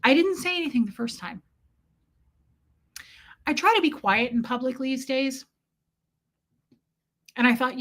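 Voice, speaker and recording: A woman hosting a livestream, telling an animated, profane, comic story and greeting her viewers in a casual way. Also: high voice, measured pace, pauses often. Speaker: livestream host.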